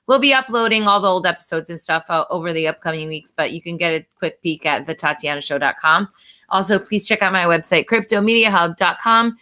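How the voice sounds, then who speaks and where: A woman's voice: medium pitch, sharp tone. A woman hosting a podcast, chatty and upbeat, teasing her guests. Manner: chatty and upbeat, quick to tease. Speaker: podcast host. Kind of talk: casual chat.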